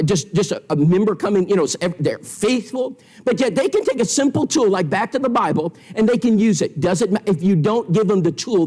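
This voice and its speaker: A man's voice: high-pitched, a little mellow, slightly rough. A man teaching an evangelism seminar in a church, telling stories with quoted dialogue in an emphatic way. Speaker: preacher.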